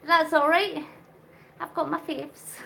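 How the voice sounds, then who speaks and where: A woman's voice: very high voice, fairly even intonation, slow, gravelly, a bit bright. A woman chatting earnestly on a live stream while riding an exercise bike, slightly out of breath and talking to viewers by name. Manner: earnest, emotional, reads out viewer comments. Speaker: vlogger doing a live charity cycle.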